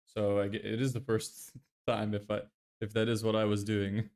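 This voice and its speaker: A man's voice: lowish voice, level tone, moderate pace, a little mellow. A young man casually chatting on a live stream, exasperated and swearing often as he answers viewers. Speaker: livestreamer.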